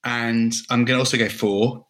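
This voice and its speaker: A man in a casual podcast chat, laid-back and halting, filling gaps with ums and likes. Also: mid-range voice, level tone, a bit bright, a little hiss or hum.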